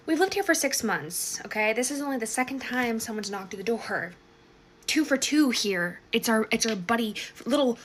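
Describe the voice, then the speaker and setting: A woman's voice: medium pitch, a bit bright, slight background noise. A young woman telling a storytime in a sassy, casual way, swearing freely and acting out her own reactions.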